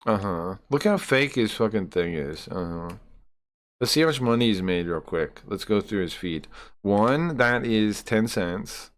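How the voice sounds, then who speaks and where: A man's voice: sits low, animated, normal speed. A man streaming live, chatting loosely with his viewers and reading numbers off the screen as he goes. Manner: loose and rambling, talking to chat and tallying numbers aloud. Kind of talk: casual live-stream chat.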